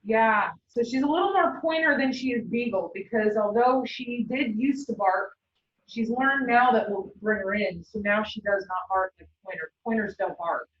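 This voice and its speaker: A woman instructor giving a classroom lecture, telling personal stories in a chatty, animated way and laughing often. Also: a little high, normal speed. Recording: roomy, dull sound from a distant mic.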